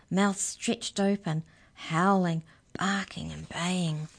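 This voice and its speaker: A woman reading a children's storybook aloud in a measured, unhurried way. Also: lowish voice, darkish tone.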